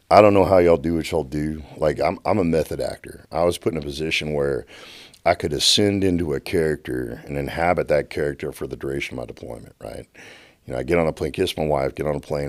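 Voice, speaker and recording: A middle-aged man, a podcast guest telling stories with animated energy and many restarts. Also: very deep voice, creaky, dry recording. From United States. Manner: animated, repeats words and restarts sentences. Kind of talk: passionate storytelling. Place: podcast studio.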